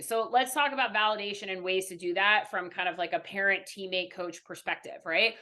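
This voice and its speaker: Woman, young adult, mindfulness coach, earnest and teacherly, bright tone, medium pitch. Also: moderate pace, hardly any pauses. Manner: earnest, frequent "right?" tags, teacherly. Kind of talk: podcast interview, explaining.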